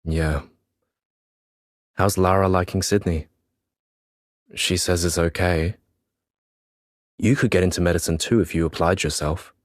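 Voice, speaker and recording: A man's voice: low voice, fairly even intonation, unhurried, long pauses, dry recording, clean studio sound. A man reading an audiobook, voicing a concerned male schoolteacher who asks matey, probing questions.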